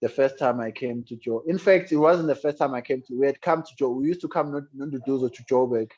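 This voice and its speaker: A South African man tells his story as a guest in an interview, reflective and earnest. His voice is mid-pitched. The recording sounds dull and lo-fi. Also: a little fast, a little mellow, breathy edge. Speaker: guest musician.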